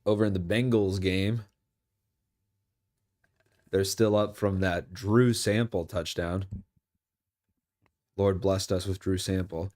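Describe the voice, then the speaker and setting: A young man casually commenting on football games during a live stream, rambling and jokey, with sudden excited yells at big plays. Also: deep voice, slow, pauses often.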